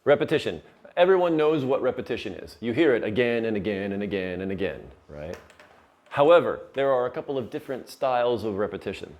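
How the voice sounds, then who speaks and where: A man's voice: medium pitch, animated, fairly quick, a little mellow. A male teacher giving a lesson on poetry terms, patiently explaining and checking in with his students.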